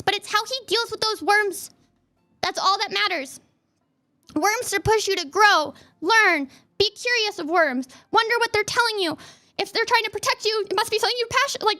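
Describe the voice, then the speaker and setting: Young woman vtuber chatting on stream, super high voice, rambly and emotional. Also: pushed and bright. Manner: rambling and emotional, many "like" fillers. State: teary, near crying. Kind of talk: casual livestream chat.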